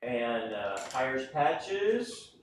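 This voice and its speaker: A man's voice: mid-range voice, very animated, extremely slow, a little hiss or hum. A man giving a classroom anatomy lecture in a folksy way, often checking in with the class. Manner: folksy, keeps checking in with "right?" and "okay?". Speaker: anatomy instructor. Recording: echoey room, voice from far off.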